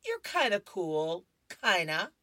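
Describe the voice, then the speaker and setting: A woman voicing a young comic-strip schoolboy who brushes off a classmate's crush, in a slow, embarrassed, pleading way. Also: on the low side, very animated, fairly bright tone, no room sound, clean studio sound, heavily acted. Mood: grudging.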